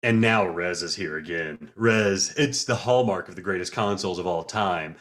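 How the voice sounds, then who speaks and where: A man with a somewhat low voice co-hosts a gaming podcast. He talks in an animated, playfully dramatic way and jokes a lot. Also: normal speed. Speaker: podcast co-host. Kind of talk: casual gaming podcast chat.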